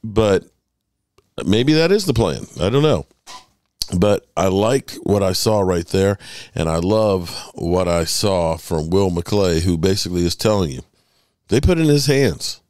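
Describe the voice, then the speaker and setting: Deep-voiced emphatic man, dry sound. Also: a little mellow, no room sound. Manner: emphatic, stretches words for emphasis. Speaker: sports podcast host. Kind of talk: solo commentary.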